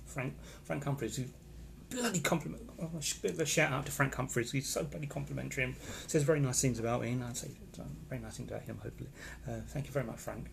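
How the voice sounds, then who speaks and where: A man talks casually on a live stream from a hotel room. He rambles and reacts to viewers' comments as he goes. His voice is mid-pitched with a gravelly edge, and there is a faint hiss in the background. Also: fast talker. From England. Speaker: vlogger reading live comments.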